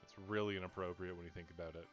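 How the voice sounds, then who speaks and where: Brief: young adult male streamer, lowish voice, jokey and rambling, over loud game music. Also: steady tone, racing, highs cut off. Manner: rambling, joking, talks to chat. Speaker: let's play streamer. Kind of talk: casual gameplay commentary.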